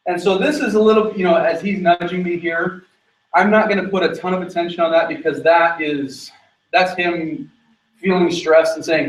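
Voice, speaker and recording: On location, a man teaches dog training, explaining his approach while calling quick commands to the dog. His voice is a bit higher than most men's, with fairly even intonation, and it sounds roomy and echoey, as if recorded from some distance.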